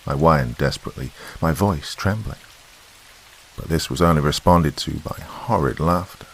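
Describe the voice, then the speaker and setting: Very deep, gravelly horror narrator. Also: male voice, lively intonation. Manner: slow, hushed storytelling. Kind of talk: first-person horror story narration. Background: faint rain and hiss.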